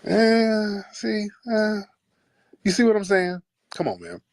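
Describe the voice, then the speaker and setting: A man's voice: high-pitched, steady tone, takes it slowly, no echo. A man hosting a call-in livestream. He talks in a combative, profane and emphatic way. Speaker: talk show host.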